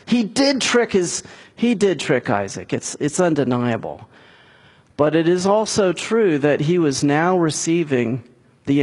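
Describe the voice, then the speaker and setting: A middle-aged man preaching a sermon, retelling a scripture story and giving the characters' lines in a raised, animated voice. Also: on the high side, slightly rough. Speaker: pastor.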